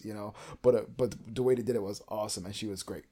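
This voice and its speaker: This is a young man talking loosely through a podcast conversation. He talks at a middle pitch and rambles through many fillers. He gets animated when something excites him. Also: rapid-fire, few pauses. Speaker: podcast co-host. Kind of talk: casual chat.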